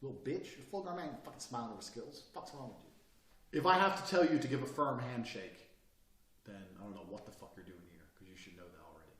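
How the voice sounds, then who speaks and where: A man's voice: mid-range voice, expressive, fast, a bit bright. A man teaching a recorded course in a swaggering, boastful and profane manner. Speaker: course instructor. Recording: roomy echo, mic set far off.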